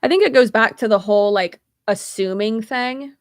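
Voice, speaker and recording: A woman's voice: a little high, normal speed, no echo, studio quality. A young woman creator ranting in a casual livestream, blunt and rambling, swearing freely. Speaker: YouTube creator.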